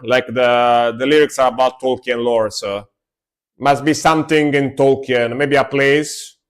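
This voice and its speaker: A man reacting to music on a live stream, speaking slowly in an easygoing way. He keeps doubling his words for emphasis, and his pitch stays mid-range. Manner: laid-back, repeats words for emphasis.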